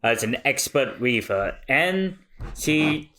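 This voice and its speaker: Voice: medium pitch, sing-song, slow, bright, forceful tone. A podcast co-host making a case in casual chat, laughing along.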